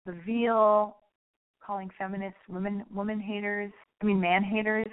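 A woman's voice: mid-range voice, flat delivery, normal speed. A young adult woman hosts a late-night call-in radio show. She rambles between blunt, profane advice and personal stories. Her voice comes through a narrow, phone-like band. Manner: candid, rambling, frank and profane.

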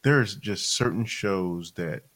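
A man's voice: sits low, slow, fairly bright tone. A man co-hosting a podcast in casual chat, hesitant and searching for words with fillers. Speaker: podcast co-host.

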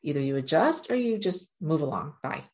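A woman's voice: low-pitched, very animated, brisk, a little mellow. A woman giving an earnest, encouraging motivational talk, speaking straight to her viewers. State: near tears at moments. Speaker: self-help speaker.

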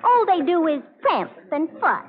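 A woman's voice: extremely high pitch, sing-song, unhurried, slight background noise, exaggerated voice. An actress playing a fussy older landlady in a 1940s radio drama, folksy and full of exclamations. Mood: fussing. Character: fussy older Southern boarding house landlady. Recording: tinny old radio recording.

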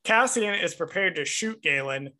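A man co-hosting a podcast, recapping a movie in an animated, enthusiastic way and swearing casually. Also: high-pitched, moderate pace. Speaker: podcast co-host.

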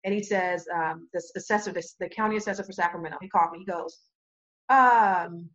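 A woman telling a long story in casual chat, animated, acting out quoted voices and laughing often. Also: fairly low pitch, fast talker, lo-fi sound. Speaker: real estate business owner.

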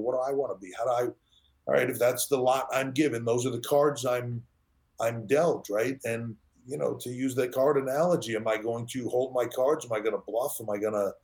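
Storytelling middle-aged man as podcast guest. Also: medium pitch. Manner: animated storyteller acting out quoted dialogue. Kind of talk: conversational storytelling in an interview.

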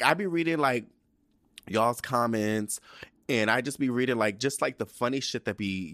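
A young man hosting a podcast in sassy, campy casual chat, cursing freely and swinging between low mumbles and high squeals. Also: a bit bright, dry recording, clean studio sound. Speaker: podcast host.

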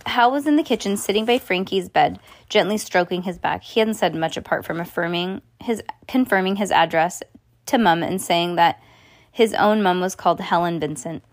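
A woman reading a children's novel aloud in the first person, pausing to explain bits to a listener. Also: fairly low pitch, no echo. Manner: expressive, stops to explain to a listener. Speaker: storyteller.

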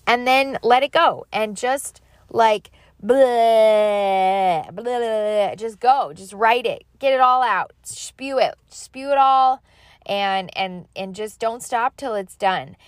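A woman's voice: on the high side, slow pace, no echo, clean studio sound. A woman in her thirties talking casually and rambling about faith and journaling, chatty and self-deprecating, with a slight allergy cough. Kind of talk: casual faith-based advice talk.

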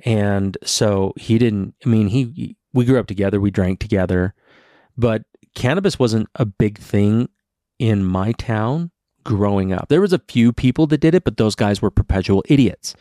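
A man's voice: on the low side, moderate pace, dark tone, no echo, clean studio sound. A man co-hosting a casual podcast as a parent, telling rambling stories and swearing freely.

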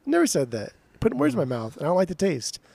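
A man's voice: high voice, quick pace, creaky, a little hiss or hum. A man co-hosting a podcast in casual chat, ranting in mock outrage and swearing as he ribs his friend. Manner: mock-outraged, swears a lot, animated ribbing. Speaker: podcast co-host.

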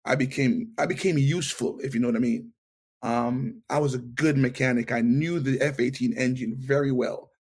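A man's voice: medium pitch, moderate pace, slightly rough. A middle-aged man in an interview, telling his testimony and acting out the lines of the people in it. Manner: animated storyteller, acts out dialogue. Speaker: interview guest.

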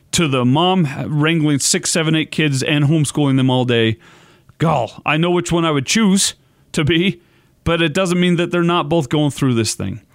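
A man's voice: on the high side, no room sound, studio quality. Ranting sarcastic male podcast host. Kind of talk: sports talk monologue.

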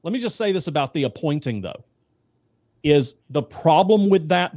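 A man in casual faith discussion, telling jokes and stories in an animated way, with voices. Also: on the high side, unhurried, dry recording, studio quality.

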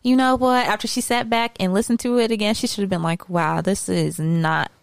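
A woman co-hosting a casual talk podcast, telling stories with animated asides and mocking impressions of the people she describes. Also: a little high, fast, clear, resonant tone, no room sound. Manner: animated storytelling, mock-sings and acts out quotes. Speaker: podcast co-host. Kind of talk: casual chat.

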